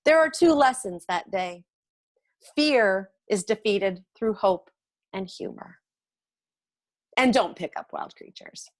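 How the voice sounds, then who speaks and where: A middle-aged woman performing a memoir monologue, measured and emotive, with long pauses. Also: medium pitch, animated. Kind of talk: theatrical monologue recited slowly.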